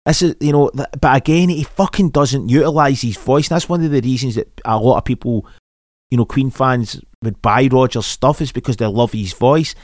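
A man's voice: medium pitch, brisk, no room sound, clean studio sound. A young Scottish man hosting a podcast, chatting casually in a blunt, sweary, mocking way. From Scotland. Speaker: podcast host. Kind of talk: casual chat.

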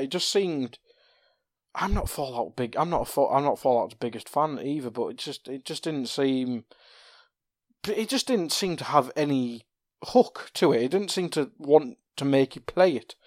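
A man's voice: medium pitch, darkish tone, no echo, clean studio sound. A man co-hosting a casual gaming podcast, chatty, laughing often and stumbling over words. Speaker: podcast co-host.

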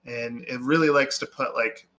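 A man's voice: mid-range voice, fairly even intonation, normal speed, fairly bright tone. A man co-hosting a podcast, chatting casually about movies, rambling and full of fillers. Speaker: podcast co-host.

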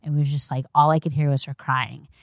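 A woman chatting casually as a guest, telling a story in an animated way and acting out what people said. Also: sits low, brisk, dry recording, muffled recording. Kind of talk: casual chat.

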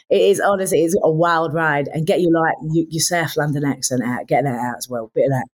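A woman's voice: sits low, normal speed, few pauses. A woman guesting on an interview as an actress, talking with gushing, effusive enthusiasm. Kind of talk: casual interview chat.

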